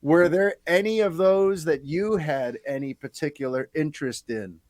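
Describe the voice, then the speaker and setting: A man hosting a casual podcast chat, talking in a chatty, animated way with quick asides. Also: a little high, dry recording, clean studio sound. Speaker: podcast host.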